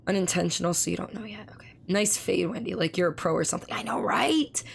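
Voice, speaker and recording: A woman live streamer chats casually with her audience, with a hoarse, strained voice. There is a gravelly rasp under her speech, and she swears freely as she reads her chat aloud. A faint hiss sits behind her voice. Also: lowish voice, fairly even intonation, fast.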